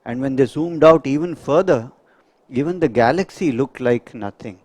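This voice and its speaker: A man's voice: mid-range voice, normal speed, darkish tone, no echo. A man giving a reflective spiritual talk to a group, asking rhetorical questions. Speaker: spiritual speaker.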